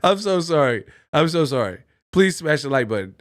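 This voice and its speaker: A man's voice: a little high, sing-song, moderate pace, no room sound, studio quality. A man hosting a boxing live stream, joking and laughing often as he does impressions. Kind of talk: casual live-stream commentary.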